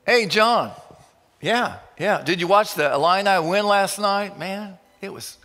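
A man voicing an excited, chummy man phoning a friend to share a new problem as if it were good news. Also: high voice, measured pace, long reverb tail, voice pushed up, exaggerated voice. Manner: upbeat, chummy, eager.

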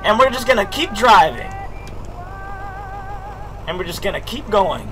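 Excitable high-voiced young man gaming. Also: a little slow, a little hiss or hum. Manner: loud, excitable, swearing, jokey slang. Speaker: gaming streamer. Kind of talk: live gameplay commentary.

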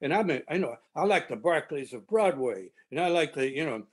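A man in his seventies recalling a backstory in halting, rambling fashion over a video call. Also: a little high, lively intonation, darkish tone, husky. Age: 70s. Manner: halting, rambling recollection with many restarts. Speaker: original cast member at a reunion. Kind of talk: reminiscing on a video panel.

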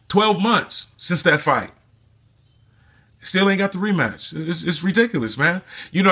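A man's voice: a little high, pushed and bright, breathy edge. A man vlogging his opinions in a loose, rambling rant, swearing often and filling gaps with "you know" and "man". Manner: rambling, profane, frequent fillers. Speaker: boxing commentator vlogger.

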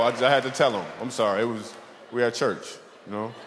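A man performing a stand-up comedy set, telling animated stories and acting out characters. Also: fairly low pitch, quick pace. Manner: animated storytelling, acts out characters. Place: church hall with a live audience. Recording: long hall reverb, audience noise.

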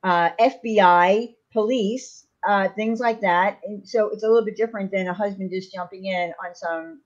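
A woman's voice: medium pitch, steady tone, moderate pace, dull audio. A woman guest on a livestream panel, explaining things in a matter-of-fact way over a video call. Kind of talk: casual livestream chat.

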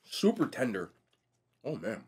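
A young man vlogging casually while eating, telling stories in a slangy, animated way. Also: fairly low pitch, a little slow, husky. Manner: animated, slangy storytelling, says bro a lot. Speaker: mukbang vlogger.

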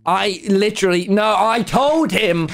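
A man's voice: high-pitched, a little slow, gravelly, dry recording, faint music behind. A young man, streaming and chatting while he plays, swearing often and telling stories with lots of energy. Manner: excitable, swears often, tells stories animatedly. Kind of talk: casual gaming chat.

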